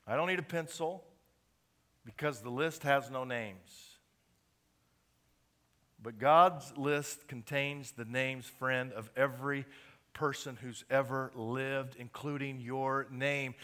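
A male pastor preaching a sermon, swinging between quiet, earnest stretches and loud, emphatic peaks. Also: medium pitch, steady tone, takes it slowly, faint music behind.

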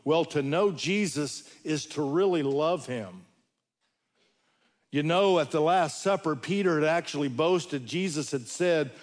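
A male preacher delivering a sermon, telling stories with folksy humor and dramatic pauses. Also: on the high side.

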